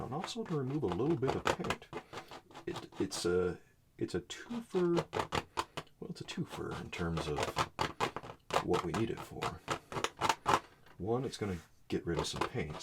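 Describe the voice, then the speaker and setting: A very deep-voiced man talks softly through a painting lesson, murmuring little asides under his breath and dropping to near-whispers. His pitch moves widely for such a low voice, over a clear layer of background noise. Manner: soft-spoken, muttering asides while painting. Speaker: art teacher. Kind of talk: soft-spoken painting tutorial.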